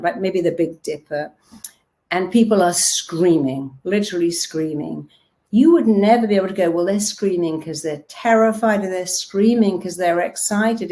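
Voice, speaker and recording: A middle-aged woman hypnotherapist gives a motivational talk, telling stories emphatically and acting out what people say. Her voice is medium in pitch with a dark tone.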